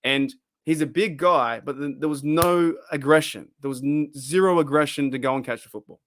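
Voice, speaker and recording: An Australian man hosting a live fan stream, his voice sitting a little high for a man. He rambles, laughs often and restarts his sentences mid-thought. The sound is close and dry, with no room around it. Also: moderate pace, few pauses, no room sound. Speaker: fan channel host. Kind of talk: casual live-stream chat.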